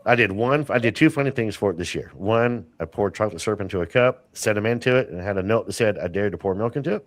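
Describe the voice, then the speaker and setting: A man with a lowish voice chats as a podcast guest, drifting from one story to the next with plenty of fillers and restarts. The sound is dry and close. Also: quick pace, no room sound. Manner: rambling storyteller, many fillers. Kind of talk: casual interview chat.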